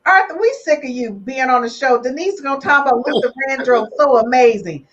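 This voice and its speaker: Woman host chatting on a love podcast, kinda high voice, teasing and emotional, dull lo-fi audio. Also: expressive, fast talker, a bit bright. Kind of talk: lively relationship podcast chat.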